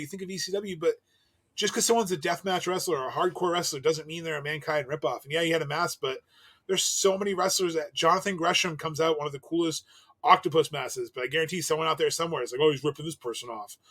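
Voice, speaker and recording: Male podcast co-host, fairly high and bright, animated, quick to laugh. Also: breathy edge. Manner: animated, laughs often, swears. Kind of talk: casual wrestling podcast chat.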